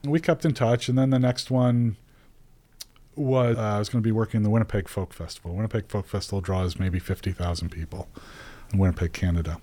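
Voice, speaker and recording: A man's voice: fairly low pitch, fairly even intonation, brisk, dark tone, rough recording. A middle-aged man telling a long personal story in a casual, rambling way, often laughing as he talks.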